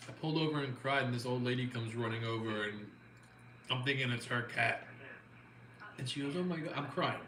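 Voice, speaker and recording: A man chatting casually at a meal, telling a story in a relaxed way. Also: medium pitch, brisk, long pauses. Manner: relaxed storyteller, short replies. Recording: echoey room with noisy background.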